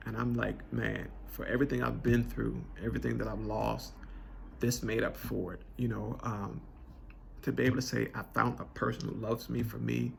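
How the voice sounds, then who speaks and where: A man's voice: mid-range voice, vocal fry, a little hiss or hum. A man, telling a personal story in an earnest, conversational way with many restarts, choked up with emotion. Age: 20s. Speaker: vlogger telling his proposal story.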